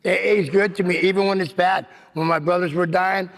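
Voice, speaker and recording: A man's voice: high voice, fairly even intonation, a little fast. A man giving a rambling personal recovery share at a meeting, full of "you know what I mean.". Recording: long hall reverb.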